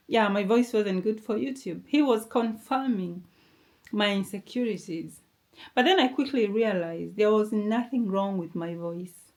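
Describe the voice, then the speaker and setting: A woman's voice: medium pitch, normal speed, darkish tone. A woman vlogger giving an earnest motivational talk to camera, encouraging the viewer and asking them questions.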